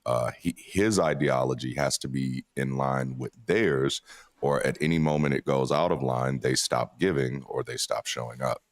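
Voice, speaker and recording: A man's voice: rumbling low, normal speed, no room sound, studio quality. A man co-hosting a casual live-stream chat, explaining at length and now and then mocking people in put-on voices.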